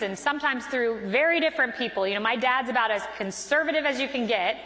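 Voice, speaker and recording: A woman's voice: a little high, a bit bright. A woman in her thirties giving a motivational speech at a conference, telling a personal story with earnest quoted dialogue. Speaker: conference speaker. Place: large conference hall. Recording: echoey hall with long reverb.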